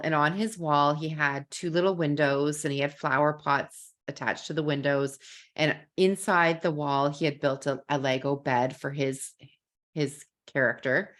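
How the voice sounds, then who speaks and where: A woman with a slightly low voice who teaches kindergarten, presenting a live parenting masterclass online. She tells her classroom stories earnestly and often repeats a word while gathering her thoughts. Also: fairly bright tone. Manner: earnest, storytelling, repeats words while thinking.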